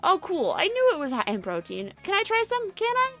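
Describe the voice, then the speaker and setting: A woman's voice: very high-pitched, wildly swooping pitch, brisk, a bit bright, voice pushed up, full character voice. A woman voicing a dim-witted, cheerful boy who asks simple, eager questions.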